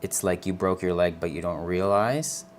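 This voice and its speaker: A man with a very low voice gives a tarot reading on a live stream. He is earnest and gentle, reassures his listener, calls them honey, and often checks in with "okay?" Faint background noise runs under his voice. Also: steady tone, moderate pace. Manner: calls the viewer honey and girl. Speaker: tarot reader.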